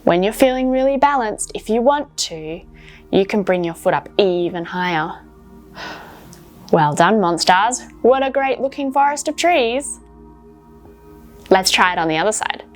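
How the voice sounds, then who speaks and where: A woman's voice: medium pitch, lively intonation, measured pace, long pauses, faint music behind. A woman coaching children through yoga poses while telling a story, encouraging and instructive.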